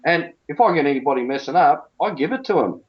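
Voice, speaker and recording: A man's voice: a little high, lively intonation, quick pace, dull audio. A man who coaches cricket, talking bluntly and emphatically in a colloquial interview.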